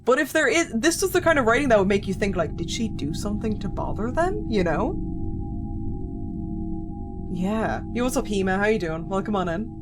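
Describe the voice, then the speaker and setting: A woman's voice: medium pitch, very animated, moderate pace. A woman streaming a game, griping with sarcastic, profane commentary. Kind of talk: let's play commentary. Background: game music.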